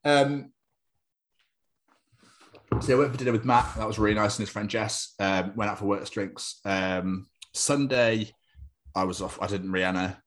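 A man's voice: lowish voice, moderate pace, long pauses. A young man, co-hosting a podcast in casual chat, jokey and rambling. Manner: chatty, jokey, slips into silly put-on voices. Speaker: podcast co-host.

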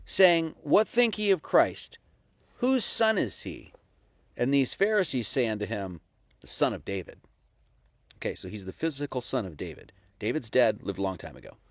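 A man's voice: mid-range voice, dry recording. A man giving a casual, conversational sermon, full of rhetorical questions and profane asides. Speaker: preacher.

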